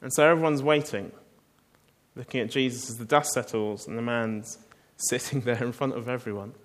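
A man's voice: medium pitch, fairly even intonation, normal speed. A man preaching a sermon, telling the story in a conversational way and asking the listeners rhetorical questions.

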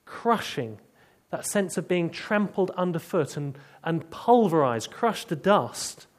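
A man preaching a sermon, telling stories and dropping to hushed tones to drive points home. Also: fairly high pitch, big pitch swings, slow.

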